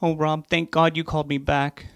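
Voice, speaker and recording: A pleading, grief-struck middle-aged mother, voiced by a man reading a story aloud. The voice sits well above his own and carries a gravelly texture. She is tearful but insistent. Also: on the high side, flat delivery, moderate pace, dry recording, clean studio sound, pitched above the performer's own voice, lightly acted.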